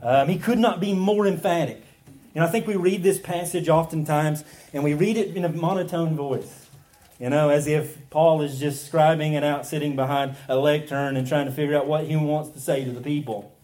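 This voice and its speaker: A man's voice: on the high side, fairly even intonation, moderate pace, a little mellow. An earnest male pastor preaching a sermon in a slightly raised voice. He presses his points with emphatic repetition, stumbling through fillers and restarts as he builds.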